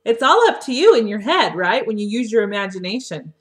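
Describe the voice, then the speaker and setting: A woman teacher talking a young class through a story lesson, asking gentle questions, recorded on a webcam microphone. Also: medium pitch, very animated. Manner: slow, coaxing questions to children. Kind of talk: read-aloud lesson for young children.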